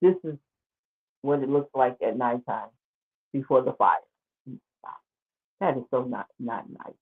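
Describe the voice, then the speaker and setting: A woman's voice: very deep voice, a little slow, pauses often, slightly rough. A woman hosting a show, giving casual, sarcastic commentary as she exclaims over pictures. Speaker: show host. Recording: tinny phone-like line.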